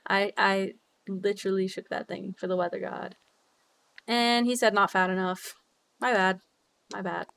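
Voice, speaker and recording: A woman's voice: medium pitch, little pitch movement, unhurried, vocal fry, pauses often, a bit bright, a little hiss or hum. Bubbly, chatty young woman streamer. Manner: bubbly, chatty, swears casually, reads chat aloud. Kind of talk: casual live-stream chat while gaming.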